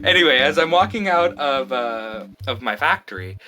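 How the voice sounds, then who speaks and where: A man's voice: medium pitch, lively intonation, moderate pace, a crowd in the background. A man hosting a podcast, telling stories in a chatty way and laughing often. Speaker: podcast host. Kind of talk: casual chat. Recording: music playing in background. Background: music.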